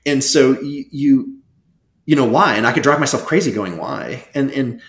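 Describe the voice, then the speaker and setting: A man speaking as a guest scholar in a casual interview, animated and rambling, with many restarts. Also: mid-range voice, normal speed, reverberant.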